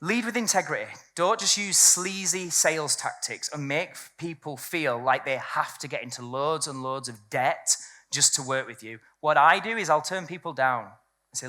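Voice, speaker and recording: A woman's voice: low voice, animated, fairly quick, sharp tone. A woman giving a live business talk to a room, blunt and candid and swearing freely. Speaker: seminar speaker. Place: event room with a live audience.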